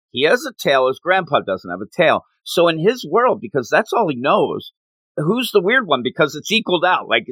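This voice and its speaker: A man chatting casually as a podcast co-host, animated and giggly, acting out the characters he talks about. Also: a little high, no room sound. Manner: animated, giggly, acts out quotes. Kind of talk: casual chat recapping a comic.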